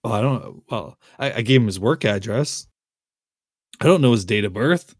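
A man's voice: medium pitch, lively intonation, moderate pace, no echo, clean studio sound. A man chatting casually as podcast host, laughing often and restarting his sentences. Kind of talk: casual chat.

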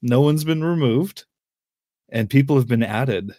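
A man's voice: mid-range voice, a little slow, mellow, dry recording, clean studio sound. A man chatting casually as podcast host, laughing often and restarting his sentences. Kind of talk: casual chat.

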